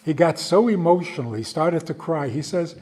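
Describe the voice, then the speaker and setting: A man, a rabbi, giving an unhurried storytelling lecture, stretching key words for emphasis. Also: a little high, expressive, mellow, breathy edge.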